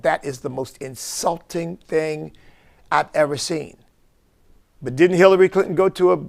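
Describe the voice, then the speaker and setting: A man's voice: on the high side, gravelly, a bit bright, clear, resonant tone. A man, a bishop, giving impassioned preaching-style commentary full of rhetorical questions.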